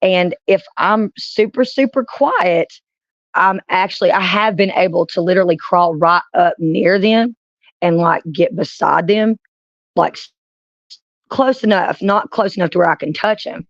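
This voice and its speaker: A woman's voice: lowish voice, measured pace, no echo, dull audio. A woman streamer telling rambling stories in casual chat, often breaking into laughs. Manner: rambling anecdotes with frequent laughs.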